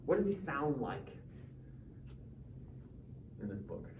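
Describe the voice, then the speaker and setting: A male high school English teacher speaks slowly in a mid-range voice with big pitch swings while leading a casual, joking class discussion and quizzing students. The classroom recording is roomy and far off, sounding dull with faint noise.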